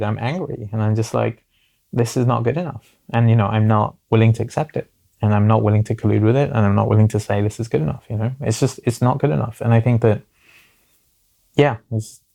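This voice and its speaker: A man in his forties speaks as an interview guest, his voice pitched low and roughened by steady fry. He talks earnestly and thinks aloud, leaning on small fillers as he works through his points. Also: brisk. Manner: earnest, repeats "basically" and "you know". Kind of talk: reflective conversational interview.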